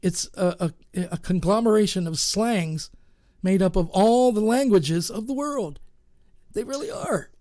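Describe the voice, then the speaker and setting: A man co-hosting a casual internet radio chat, joking and spinning stories with quick asides. His voice sits high and the sound is dry and close. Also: darkish tone, no room sound. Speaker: radio show co-host.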